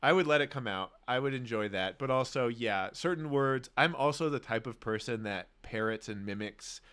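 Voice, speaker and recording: A man's voice: medium pitch, normal speed, fairly bright tone, clean tone. A young man from Australia, co-hosting a podcast in an upbeat, chatty way. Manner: upbeat, chatty, says "dude" a lot. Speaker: podcast co-host. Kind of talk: casual chat.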